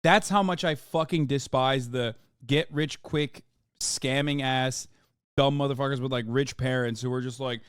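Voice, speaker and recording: A man's voice: mid-range voice, steady tone, normal speed, smooth, dry recording, studio quality. A man streaming, reacting to videos with blunt, profane casual commentary and mocking asides to his chat.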